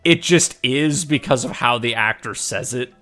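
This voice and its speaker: A man chatting casually while playing a video game, animated, swearing casually and laughing often. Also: medium pitch, moderate pace, faint music behind. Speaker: gaming video co-host. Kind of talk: casual chat.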